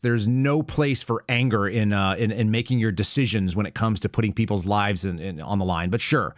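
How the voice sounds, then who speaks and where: A man's voice: on the low side, brisk, hardly any pauses, dry recording, studio quality. A man hosting a political commentary show, sarcastic and heated, reading quotes aloud with emphasis. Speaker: show host.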